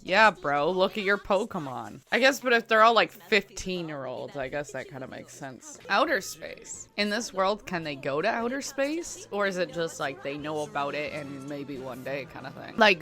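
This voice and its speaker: A woman's voice: low-pitched, fairly bright tone. A young woman casually commenting while she watches a cartoon, chatty and amused, talking back to the screen. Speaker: reaction vlogger.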